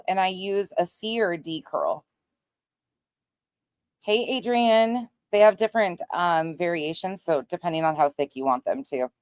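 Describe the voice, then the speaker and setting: A woman's voice: medium pitch, no room sound. A woman hosting a casual livestream, greeting viewers by name and chatting bluntly, swearing now and then. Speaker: livestream host.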